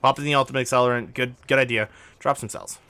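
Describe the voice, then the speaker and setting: A man's voice: mid-range voice, fairly even intonation, fast, bright, forceful tone, no room sound. A man coaching over gameplay footage, urgent and insistent, repeating his instructions and pleading with the player. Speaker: gaming coach.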